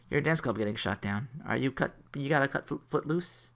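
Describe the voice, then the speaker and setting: A man's voice: mid-range voice, a little fast, gravelly, hardly any pauses, fairly bright tone. A man giving a casual, rambling, jokey anime review, correcting himself and laughing as he goes.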